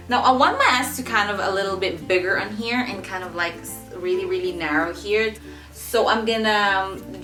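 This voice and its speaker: Low-voiced woman with a chatty tutorial delivery. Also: fairly bright tone. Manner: chatty, doubles up words for emphasis. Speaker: beauty vlogger. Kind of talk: makeup tutorial. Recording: roomy echo with faint background music.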